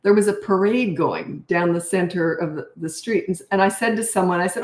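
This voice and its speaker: A woman's voice: fairly low pitch, fairly quick, a little mellow. An older woman from Canada, a parenting coach chatting casually on a live stream and telling rambling stories with frequent laughs. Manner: chatty, rambling storyteller who laughs often. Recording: roomy echo.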